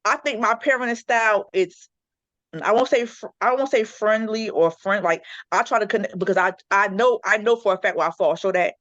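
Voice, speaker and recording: A woman's voice: mid-range voice, brisk, no echo. Her speech races along, dry and close, with a dull, lo-fi recording that dulls the top end. She is a mother in her forties, chatting with friends on a podcast and acting out her kids' arguments as she goes. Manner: animated storyteller acting out her kids' quarrels. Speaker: panelist. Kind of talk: casual podcast chat.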